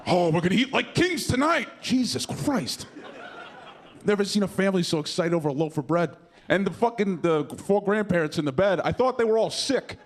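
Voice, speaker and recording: A man's voice: high voice, animated, a little fast. A young man performing a stand-up comedy set in a comedy club, rambling and profane with lots of fillers and self-mockery. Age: young adult.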